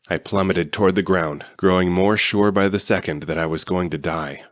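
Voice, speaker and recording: Deep-voiced guy reading a fan audiobook, steady, dry close sound. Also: no echo. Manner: steady storytelling. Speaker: audiobook reader. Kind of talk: first-person audiobook narration.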